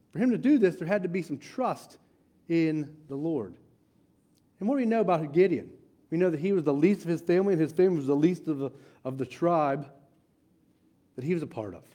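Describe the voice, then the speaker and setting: A man delivering an earnest sermon, his voice pitched high but with a mellow, dark tone. He repeats key phrases for emphasis, building louder and then sinking to a near hush. At times he reads scripture aloud, with small fillers and restarts. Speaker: preacher.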